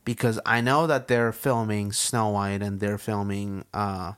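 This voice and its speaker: A man's voice: on the low side, level tone, unhurried, fairly bright tone, clear, resonant tone. A man co-hosting a podcast in casual chat, opinionated and teasing, often breaking into laughter. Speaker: podcast co-host.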